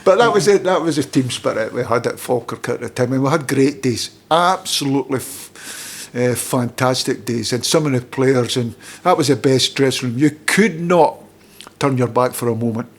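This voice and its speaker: Husky middle-aged Scottish man, casual animated storytelling, guest on a chat show. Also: mid-range voice, moderate pace. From Scotland. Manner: lively storyteller who acts out other people's lines. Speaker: guest, former footballer and manager.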